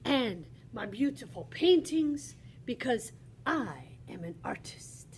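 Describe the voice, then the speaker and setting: A gentle, proud French painter introduces himself in a soft, lowered voice with a slow, easy pace, as a woman puts him on. The tone is hushed and inviting, with a faint hiss of background noise. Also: sing-song.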